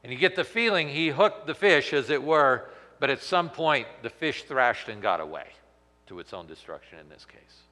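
A man teaching through a Bible passage as a pastor, animated and acting out the quotes with sudden loud emphasis. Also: mid-range voice, normal speed. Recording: long hall reverb.

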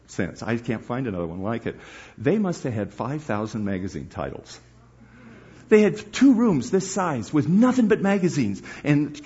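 A middle-aged man preaching to a live audience, telling a story with bursts of laughter and acted voices. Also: medium pitch. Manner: animated storyteller, breaks into laughter and acts out voices. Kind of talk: storytelling sermon. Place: church hall before a live audience. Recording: dull lo-fi live recording.

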